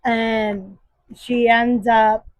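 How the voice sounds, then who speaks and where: A woman's voice: fairly high pitch, flat delivery, very slow, dry recording, highs cut off. A woman book vlogger casually reviewing her monthly reads, enthusiastic and emphatic.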